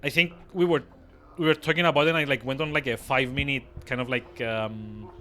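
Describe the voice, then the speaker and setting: A man live-streaming a game from his desk, talking casually to viewers. He rambles, stumbles over his words and restarts his sentences. He chuckles often, and his voice sits at a middling pitch. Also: fairly even intonation, a little fast, bright, forceful tone. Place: at his desk with two screens.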